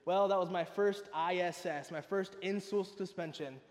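A man preaching a sermon, emphatic and swinging between loud, pressing lines and hushed ones. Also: high-pitched, moderate pace, long reverb tail.

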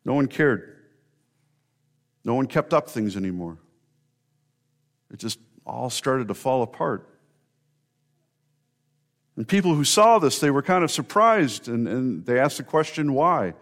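A middle-aged man delivering an Easter sermon. His voice sits at an ordinary pitch, and he speaks earnestly. He pauses between phrases and builds emphasis as he tells the story. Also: lively intonation. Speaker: pastor.

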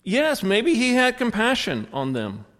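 Speaking a little slowly, a man with a high, slightly bright voice and wildly swooping pitch preaches as a pastor. He tells a story and gives voice to the characters in quotes, captured with long hall reverb.

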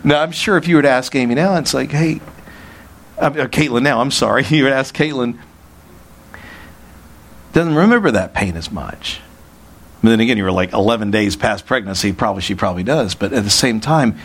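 A male pastor preaching a sermon in an earnest way, asking rhetorical questions. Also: medium pitch.

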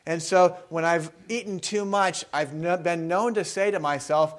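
Pastor guy preaching, kinda high voice, chatty, keeps asking the church questions, gets loud then goes quiet. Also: a little slow. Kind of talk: sermon.

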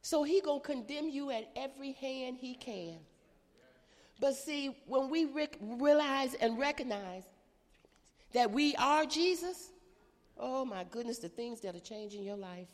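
A middle-aged woman preaches a call-and-response sermon, her voice fairly high and swooping all over. It rings out with a long reverb through a church hall. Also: animated, measured pace.

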